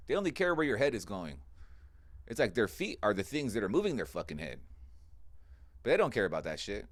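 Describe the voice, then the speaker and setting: A man's voice: medium pitch, a little fast, no echo. A man doing a stand-up comedy routine, telling profane stories and acting out the people in them. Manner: profane, animated storytelling with voiced characters.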